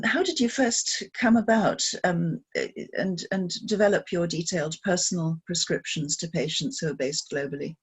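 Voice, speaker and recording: A woman interviewing a guest on a video call, asking questions in a measured way with some fillers. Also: on the low side, creaky, breathy edge. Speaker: interviewer, research director.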